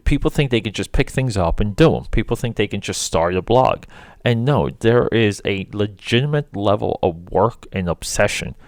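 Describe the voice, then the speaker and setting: A man's voice: lowish voice, dry recording, studio quality. A man hosting his own podcast, talking casually in a rambling, emphatic way with many fillers and restarts. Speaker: podcast host. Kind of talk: casual solo monologue.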